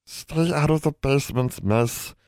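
A man doing a slow, strange old she-elf. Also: mid-range voice, darkish tone, dry recording, studio quality, pitched above the performer's own voice, lightly acted. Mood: fretful. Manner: speaks of herself in third person, slow and odd. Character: old female house elf, anxious and devoted.

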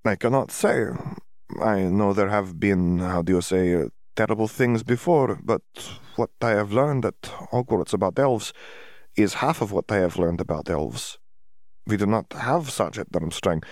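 A man's voice: lowish voice, a little slow, darkish tone, no room sound, clean studio sound. A man voicing a cheerful young foreign wizard student in an audiobook, who stammers and hunts for words in broken English.

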